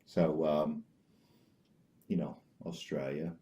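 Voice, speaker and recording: Slow, hesitant man hosting a comedy show. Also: fairly low pitch, big pitch swings, highs cut off. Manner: hesitant, full of uh and um, restarts. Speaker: comedy talk show host. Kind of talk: rambling deadpan comedy chat. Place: small home studio with green screen.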